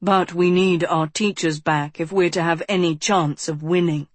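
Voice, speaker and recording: A woman voicing a serious, determined young prince who speaks low and firm in an audiobook. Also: fairly even intonation, normal speed, no room sound, lightly acted. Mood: earnest.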